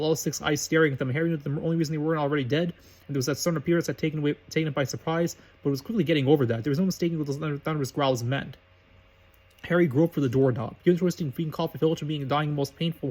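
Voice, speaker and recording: A man reads a story aloud at a brisk clip, now and then stumbling and restarting a phrase. His voice sits somewhat high and moves quickly. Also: a little mellow. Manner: brisk reading with slips and restarts. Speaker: reader of fan fiction.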